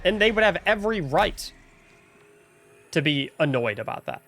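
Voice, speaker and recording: A man's voice: high voice, sing-song, moderate pace, fairly bright tone, a little hiss or hum. A young man streaming, ranting in a casual, exasperated way, often restarting and repeating words. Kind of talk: casual livestream rant.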